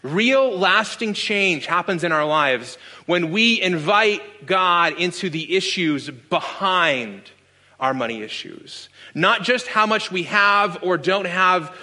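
Bright-voiced pastor preaching with dry humor. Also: male voice, sits high, expressive, slow. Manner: earnest storytelling with dry sarcasm. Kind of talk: sermon.

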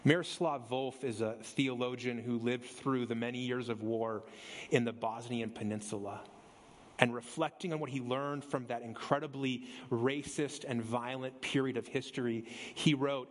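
A man's voice: medium pitch, steady tone, normal speed. Man preaching with dramatic pacing. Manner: preaching with sweeping shifts of pace and emphasis. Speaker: pastor. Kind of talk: sermon. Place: church sanctuary.

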